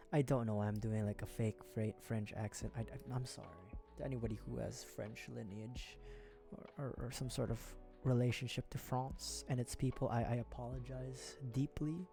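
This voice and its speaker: A man's voice: mid-range voice, steady tone, moderate pace, creaky, dark tone, faint music behind. A man from the Philippines who hosts a livestream, chatting casually and rambling with joking asides while building a model kit. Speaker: livestream host. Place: home streaming setup.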